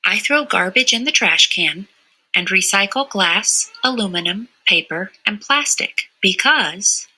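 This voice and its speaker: Woman, husky voice, very bright tone, gentle children's storybook reading. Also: medium pitch, expressive, unhurried, low-quality recording. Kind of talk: reading a children's picture book aloud.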